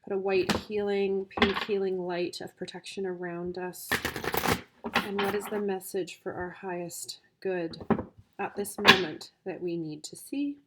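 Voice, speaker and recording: A woman's voice: mid-range voice, fairly even intonation, a little slow, heavy background noise. A woman reading tarot cards for her viewers as a coach, gushing and emotional, easily moved to tears. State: tearful.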